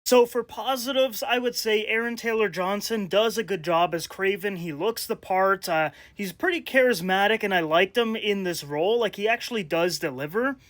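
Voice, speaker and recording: A young man giving a casual, animated movie review, exasperated and rambling with fillers. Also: sits high, normal speed, hardly any pauses.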